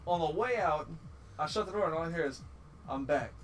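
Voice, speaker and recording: A man's voice: on the high side, a little fast. A man telling a funny story in a casual, profane way, acting out the people he quotes. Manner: animated, profane, acts out quotes. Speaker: guest storyteller. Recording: distant mic with clear background noise.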